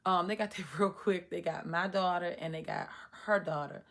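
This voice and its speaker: Low-voiced woman telling a story. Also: normal speed, gravelly. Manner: animated storyteller, acts out her own past reactions in a higher voice. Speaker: vlogger. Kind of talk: storytime monologue.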